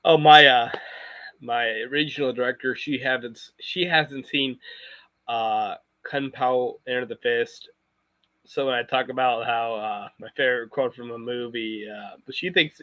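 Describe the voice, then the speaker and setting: A man's voice: mid-range voice, fairly even intonation, normal speed, dry recording, dull audio. A man chatting casually on a live stream, rambling and circling back with frequent restarts. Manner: rambling, full of fillers and restarts.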